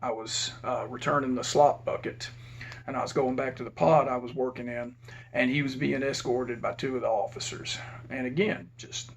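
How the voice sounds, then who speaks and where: A man's voice: medium pitch, fairly even intonation, normal speed. A man who used to be a prison officer tells a rambling, plain-spoken story in a casual way and keeps correcting himself. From Texas.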